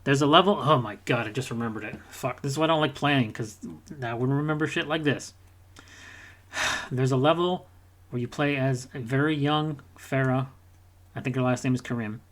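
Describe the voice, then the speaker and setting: A man's voice: medium pitch, normal speed, fairly bright tone. Male podcast co-host, casual and profane, rambling gaming rant with mock character asides, mid-range voice.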